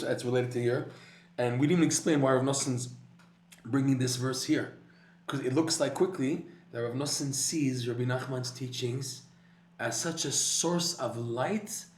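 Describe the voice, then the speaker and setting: A man's voice: mid-range voice, a little mellow, echoey room. A man teaching a Torah class, telling a story animatedly with frequent restarts and repeated words.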